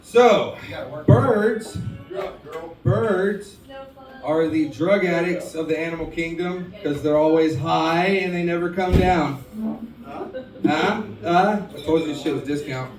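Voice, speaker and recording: A man's voice: a little high, measured pace, faint music behind. A man doing a stand-up comedy set on a bar stage, telling jokes in a self-deprecating, drawling way. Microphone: handheld stage mic. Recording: echoey bar from far off with crowd.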